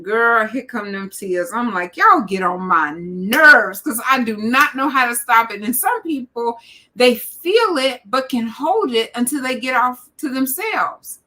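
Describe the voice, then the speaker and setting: A woman hosting a casual conversation, expressive and quick to laugh. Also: a little high. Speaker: podcast host. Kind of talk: casual chat.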